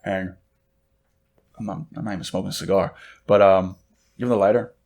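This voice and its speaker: This young podcast co-host's voice sits low, and he talks fairly quickly. Over cigars he tells a casual story, animated throughout and imitating the voices of the people he quotes.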